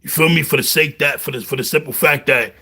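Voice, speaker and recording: A man with a Brooklyn accent, telling jail stories in a casual, animated monologue full of slang. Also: a little high, quick pace, breathy edge. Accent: New York, Brooklyn. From New York. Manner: animated storytelling, heavy slang, repeats "you heard". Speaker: vlogger.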